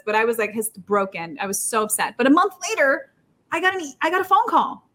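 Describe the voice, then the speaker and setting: A woman guest telling a story in a casual, animated way, jumping up in pitch when she acts out quotes and talking fast with many restarts. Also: a little hiss or hum. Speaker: poker player.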